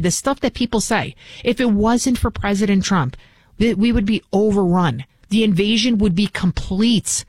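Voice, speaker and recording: A woman's voice: medium pitch, normal speed, no echo. A woman filling in as a talk radio host, delivering a combative, scornful political monologue into a studio mic.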